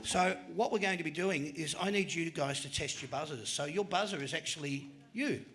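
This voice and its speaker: A man's voice: a little high, brisk, fairly bright tone. A man with an Australian accent hosting a live panel show, running a quiz with upbeat jokes. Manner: upbeat, joking quizmaster. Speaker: host. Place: live venue.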